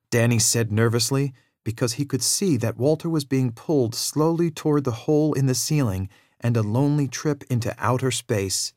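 A man narrating a children's adventure story in a measured, expressive read-aloud style, with a very dry sound. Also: medium pitch, no room sound.

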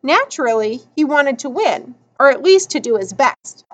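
A woman narrating a children's novel aloud in an expressive storytelling manner. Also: high-pitched, normal speed, rough recording. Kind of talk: audiobook narration.

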